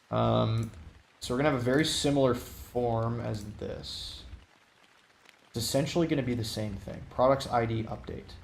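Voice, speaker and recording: A man talks his way through his code on a livestream, rambling and restarting his sentences as he thinks. His voice is gravelly at mid pitch, and the room around him echoes. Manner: rambling, thinks aloud with many fillers and restarts. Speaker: livestreamer coding web app. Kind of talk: casual think-aloud coding stream.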